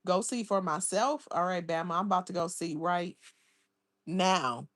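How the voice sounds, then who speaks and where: A woman's voice: lowish voice, a little slow, a bit bright, dry recording. A woman hosting a casual livestream, chatting and gossiping as she reads viewer comments aloud into a close mic. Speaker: livestream host.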